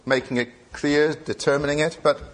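A man's voice: on the high side, fairly even intonation, normal speed. A man preaching a sermon in an earnest way, asking the listeners many rhetorical questions.

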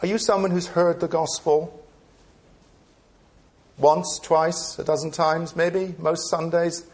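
A man's voice: on the high side, little pitch movement, slow pace. A man preaching a sermon in an earnest way, asking the listeners many rhetorical questions.

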